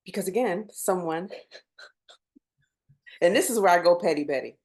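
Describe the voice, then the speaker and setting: A woman with a fairly low voice co-hosts a casual podcast. She talks things through unhurriedly and thoughtfully, with laughing asides along the way. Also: expressive, measured pace, a little mellow. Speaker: podcast co-host. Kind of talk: casual chat.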